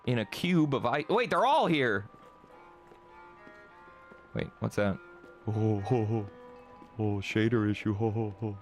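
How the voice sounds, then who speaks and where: A man's voice: on the low side, lively intonation, unhurried, long pauses, soft background music. A man streaming a game, chatting and swearing casually as he plays. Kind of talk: casual gameplay commentary.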